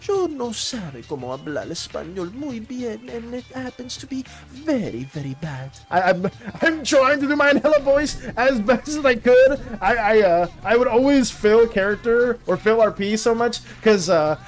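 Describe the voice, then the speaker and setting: A young adult streamer chatting casually with viewers, rambling and animated, with plenty of restarts and fillers. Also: medium pitch, moderate pace, hardly any pauses, faint music behind. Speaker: livestreaming artist chatting with viewers. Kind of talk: casual livestream chat.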